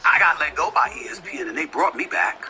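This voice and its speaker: A man's voice: very animated, quick pace, bright, forceful tone, a little hiss or hum, rough recording. Fiery combative man in his fifties. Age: 50s. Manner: emphatic and combative, repeating questions and climbing to a high, strained pitch. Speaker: sports commentator. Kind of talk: impassioned monologue rant.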